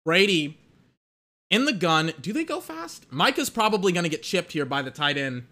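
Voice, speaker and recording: Excitable high-voiced man ranting over a game. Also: normal speed. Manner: excitable, exasperated, profane rant with filler "like". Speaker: fan commentator. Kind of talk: live watch-along game commentary.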